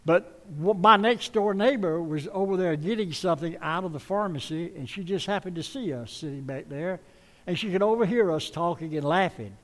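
A man's voice: high-pitched, moderate pace. A middle-aged man, preaching a sermon and telling folksy stories to his congregation. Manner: folksy storytelling, warm appeals to the congregation. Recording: long reverb of a large hall.

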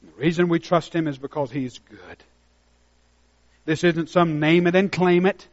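A man preaching a sermon as pastor, dropping to a hushed intensity and then rising to loud, emphatic exhortation. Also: on the high side, a little slow. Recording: muffled lo-fi sermon recording.

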